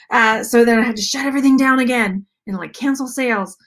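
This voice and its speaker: A woman's voice: on the high side, a little fast. Chatty Southern woman streaming live. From Texas. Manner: chatty, rambling, greets viewers by name. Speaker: YouTube host. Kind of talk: casual live-stream chat.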